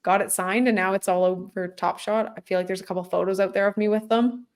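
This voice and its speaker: A woman's voice: medium pitch, steady tone, quick pace. A Canadian woman chatting as a podcast guest, bubbly and talkative with many fillers. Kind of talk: casual chat.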